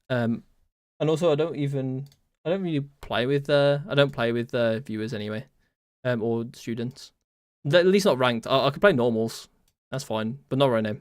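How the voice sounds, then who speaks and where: Young man, from the West Midlands, game coach, casual stream chat, rambling, repeats himself, average pitch, dry. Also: no echo. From West Midlands, England. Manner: rambling, repeats phrases, many fillers.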